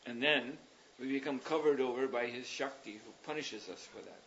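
A man's voice: mid-range voice, normal speed, fairly bright tone, a little hiss or hum. Man teaching in a meandering, thoughtful way. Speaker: spiritual teacher leading a class. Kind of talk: explanatory religious discourse. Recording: dull lo-fi recording.

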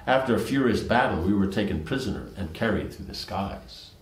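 A man reading the lines of a grieving, humiliated male prince, in a plain low reading voice. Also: lively intonation, a little fast, close to an everyday voice. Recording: roomy echo.

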